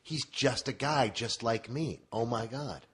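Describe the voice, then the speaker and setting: A man's voice: medium pitch, husky. A man co-hosting a podcast, telling stories in casual chat and teasing his co-host. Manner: animated, teasing, quick to laugh.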